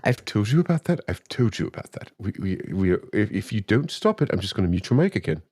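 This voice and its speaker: Man voicing a smug bossy demon, low voice, husky, lively pitch. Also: fast talker, no room sound. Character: smug male demon who owns the show. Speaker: producer.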